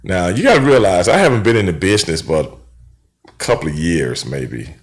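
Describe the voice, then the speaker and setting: A middle-aged man hosting a radio show, telling stories from the road in a casual, animated way and acting out the dialogue. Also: sits low, fairly quick. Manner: animated storyteller, acts out quoted dialogue, frequent "you know what I'm saying".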